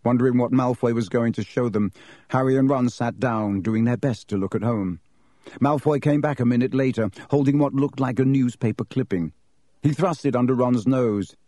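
A man narrating a storybook audiobook in an even, measured reading. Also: mid-range voice, dry recording.

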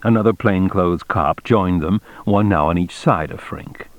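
A man narrating an audiobook in a measured, expressive reading style. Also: sits low, no room sound. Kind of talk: scripted narration.

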